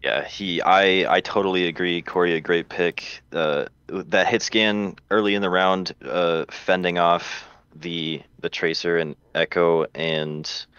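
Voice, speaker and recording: A man giving colour commentary as an esports co-caster, halting and full of fillers. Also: low-pitched, steady tone, a bit bright, smooth, no echo, dull audio. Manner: halting, many fillers and restarts.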